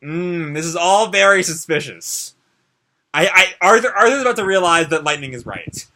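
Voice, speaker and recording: Bright-voiced man recapping a manga. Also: high voice, expressive, normal speed. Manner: recaps chattily with many fillers and asides; reads character dialogue aloud. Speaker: manga reaction host. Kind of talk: casual live reaction and recap.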